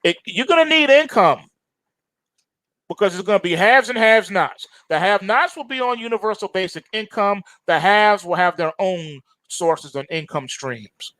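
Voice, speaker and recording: A man's voice: high voice, lively intonation, moderate pace, sharp tone, no room sound. A man hosting a trading show, delivering an urgent lecturing warning to viewers with mocking rhetorical asides. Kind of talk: warning monologue.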